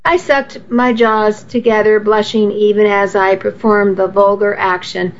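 Woman, audiobook narration, intimate, very slow pace, muffled audio. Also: mid-range voice, level tone. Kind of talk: first-person novel narration.

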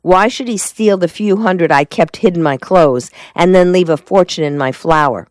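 A woman reading the part of a rough, blunt man in a storybook, with plain, ungrammatical speech. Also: on the low side, normal speed, no echo, clean studio sound, pitched above the performer's own voice, close to an everyday voice. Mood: stubborn. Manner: blunt, plain-spoken grammar.

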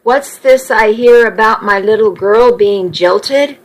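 A woman's voice: fairly high pitch, slow. A woman doing a blustering sarcastic dad. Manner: blunt, sarcastic. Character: blustering protective father, middle-aged man. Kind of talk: reading a story aloud.

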